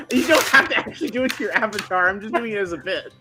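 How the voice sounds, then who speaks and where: A tabletop game player in casual chat who talks in an animated, teasing way and often restarts sentences. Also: mid-range voice.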